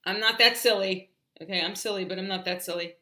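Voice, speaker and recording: A woman's voice: mid-range voice, fairly even intonation, bright, forceful tone, roomy sound. A woman teaching English shapes on a livestream, chatty, often singing and stretching out words for children to repeat. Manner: sings and drills words slowly, chatty asides. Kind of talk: animated livestream lesson.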